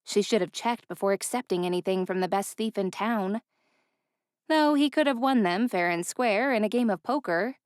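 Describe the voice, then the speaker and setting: A woman narrating a fantasy romance audiobook in an even, clear storytelling voice. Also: medium pitch, moderate pace, no room sound, clean studio sound. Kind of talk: scripted narration.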